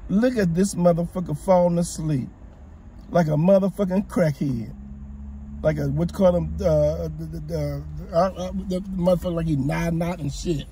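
A man with a high voice rants from the passenger seat of a moving car. His speech is profane and stammering, and it often breaks into yelling. Loud car noise rumbles under everything. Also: fairly even intonation, normal speed. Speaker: prank target, passenger. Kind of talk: heated casual argument. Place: inside a car.

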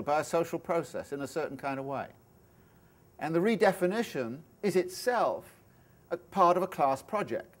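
A male professor giving a university lecture, explaining ideas in a thoughtful, step-by-step way, with asides and restarts. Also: on the high side. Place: lecture room.

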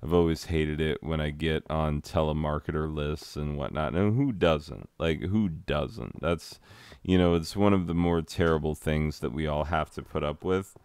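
His voice rumbles low yet sounds clear, resonant and a little mellow, at normal speed in a dry recording. He's a teacher in his thirties and a gaming vlogger, rambling casually over gameplay, telling a story, mocking himself and bursting into sung asides.

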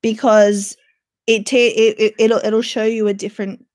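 A woman's voice: on the high side, little pitch movement, normal speed, darkish tone. A young woman hosting a casual livestream, chatting in a chatty, dramatic way and swearing freely. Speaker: livestream host.

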